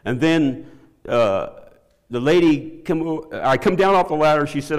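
A middle-aged man giving a spoken testimony to his church, halting with many restarts and frequent laughs, his voice climbing higher and louder as he gets excited. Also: in a large hall. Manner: voice climbs high and loud when excited.

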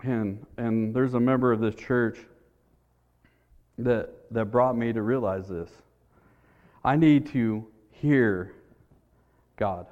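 A man's voice: mid-range voice, takes it slowly, pauses often, long reverb tail, narrow, tinny audio. A man preaching a sermon in a church, in an earnest, conversational way, repeating his words as he tells a story.

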